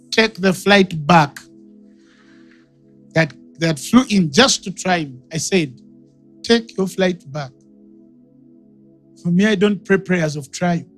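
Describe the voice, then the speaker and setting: A man with a Ugandan English accent preaching a sermon, shouting and laughing as he acts out conversations with callers. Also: high-pitched. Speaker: pastor.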